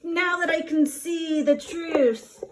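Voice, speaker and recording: A woman's voice: very high voice, slow, noisy background. A woman voicing an anguished tragic king who wails and sobs melodramatically over his fate, in a casual classroom retelling. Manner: melodramatic, sobbing outbursts.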